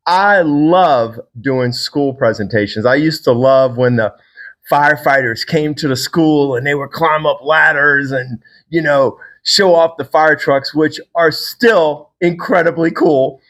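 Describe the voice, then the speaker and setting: A man's voice: on the high side, fairly bright tone. A man from Virginia, a fitness trainer and podcast host, talking to the camera in a casual, rambling, enthusiastic solo monologue.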